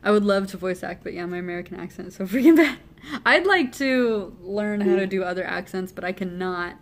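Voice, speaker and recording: A woman's voice: medium pitch, expressive, fairly quick. A woman streamer chatting casually with friends, giggling often. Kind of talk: casual chat.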